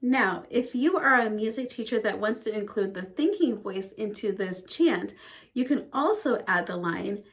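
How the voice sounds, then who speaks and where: A woman's voice: medium pitch, expressive, normal speed. A woman music teacher explaining classroom methods to fellow teachers in a conversational, upbeat way. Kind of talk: educational talk to fellow teachers.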